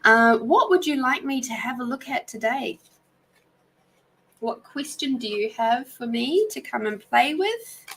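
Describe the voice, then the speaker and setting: A woman's voice: fairly high pitch, animated, a little slow, a little hiss or hum, rough recording. A woman hosting a live intuitive reading session, chatty and giggly as she talks to viewers. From Australia. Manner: chatty, giggly, warm storyteller. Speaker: intuitive reader and podcast host.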